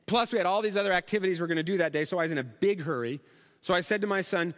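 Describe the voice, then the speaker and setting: A man's voice: high-pitched, very fast, in a large hall. A middle-aged male pastor preaching a sermon in a conversational, storytelling way with rhetorical questions.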